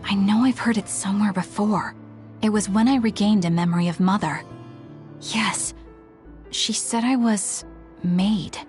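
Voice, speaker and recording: Woman voicing a calm reserved young woman, measured and reflective, soft music behind. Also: medium pitch, lightly acted. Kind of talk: game cutscene voice acting.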